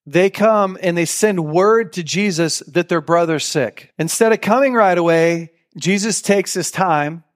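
Man preaching in a lively, storytelling voice. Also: fairly high pitch. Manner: animated storyteller who acts out quoted lines; addresses listeners directly with questions. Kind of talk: sermon to a live audience.

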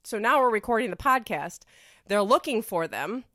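A woman's voice: on the high side, lively intonation, normal speed, pushed and bright, no room sound. Rambling woman podcast host, dry sound. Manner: rambling, filler-heavy storytelling. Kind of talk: casual chat.

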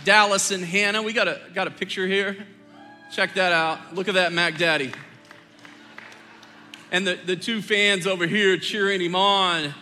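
Bright-voiced middle-aged pastor, joking sermon. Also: male voice, sits high, fairly even intonation, normal speed, pauses often, faint music behind. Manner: conversational, joking storyteller. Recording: long hall reverb.

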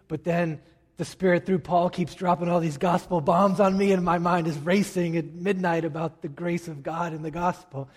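A man preaching a sermon as pastor, animated and joking, swinging between loud shouts and quiet asides. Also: a little high. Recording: long reverb of a large hall.

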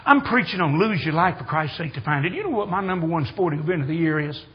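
An older man preaching a sermon in a church, telling folksy stories and building to excited shouts. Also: on the high side, quick pace, breathy edge, highs cut off. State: hard of hearing. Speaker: guest preacher. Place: church sanctuary.

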